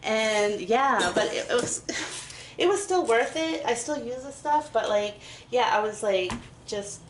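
A woman's voice: a little high, lively intonation, a little slow, slight background noise. Chatty woman in an echoey kitchen. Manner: chatty, rambling, giggly. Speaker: vlogger. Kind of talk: casual kitchen chat while baking. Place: home kitchen. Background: chopping and clinking dishes.

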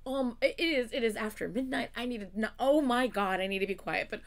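A woman hosting a reaction video, gushing, exclaiming and swearing as she watches, excited and close to tears. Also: a little high, a little fast. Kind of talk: casual reaction commentary.

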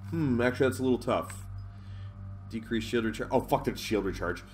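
A man's voice: mid-range voice, brisk, darkish tone, a little hiss or hum. A man giving casual gameplay commentary, rambling, swearing and laughing often, reading menu options aloud. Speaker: let's play host.

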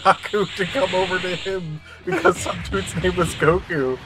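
A man's voice: sits high, fairly even intonation, normal speed, over music. A man co-commentating a computer fight in casual chat, self-mocking and telling jokey stories.

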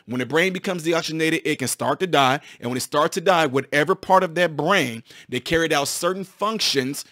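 A man, a former physical therapist, explaining a medical topic to his viewers in a casual, excited way, often restarting and repeating phrases. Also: fairly high pitch, fairly quick, few pauses, no room sound, studio quality.

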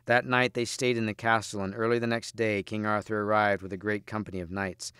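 A man, a teacher, reading a storybook aloud in steady, measured audiobook narration. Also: on the low side, clear, resonant tone, no echo, clean studio sound.

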